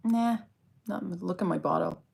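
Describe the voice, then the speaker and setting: A woman's voice: on the low side, a little slow, gravelly, darkish tone. A woman hosting a casual fragrance livestream, reading viewer comments aloud and answering them as she chats.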